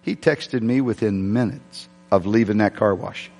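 A male pastor telling a story during a sermon, chatty and self-deprecating, with halting restarts. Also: lowish voice, darkish tone. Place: church sanctuary. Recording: long hall reverb.

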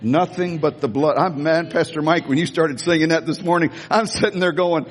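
An older American man, a pastor, preaching an animated sermon and calling on the congregation to repeat after him. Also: a little high, brisk, in a large hall. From United States. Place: church sanctuary.

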